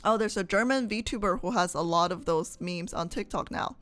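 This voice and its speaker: A young woman streamer chatting casually with her viewers, reading their comments, laughing often and asking them questions. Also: medium pitch.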